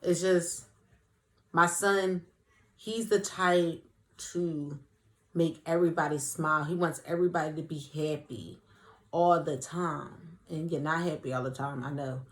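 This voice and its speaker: A woman's voice: low voice, steady tone, measured pace. A young woman chatting casually to camera as host of her own vlog, playful and talkative. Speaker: vlogger, show host.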